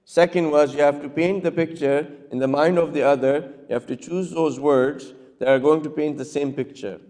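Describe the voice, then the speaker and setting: A man's voice: a little high, fairly even intonation, normal speed, a little mellow. A man, a cleric, teaching in a lecture style, often checking with his listeners and acting out short dialogues. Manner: keeps checking with listeners, acts out little dialogues. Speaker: cleric giving a talk. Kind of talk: lecture with audience questions. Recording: long reverb of a hall.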